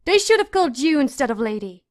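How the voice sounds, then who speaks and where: A woman's voice: high-pitched, lively intonation, moderate pace. A woman reading an audiobook, voicing a proud young noble girl who talks in a haughty, airy manner. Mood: distraught.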